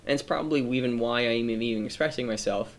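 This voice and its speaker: Speaking fast in a mid-range voice, a man streams a reflective personal monologue. He's earnest and rambling, keeps correcting himself and restarting sentences, and sounds emotional, near tears.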